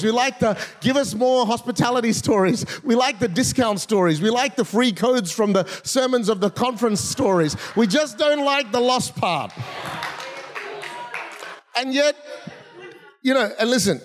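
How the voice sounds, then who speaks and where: A man preaching a sermon as a guest preacher, with humorous, energetic storytelling and quick asides, in a large church auditorium. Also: a little high. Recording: long reverb of a large hall.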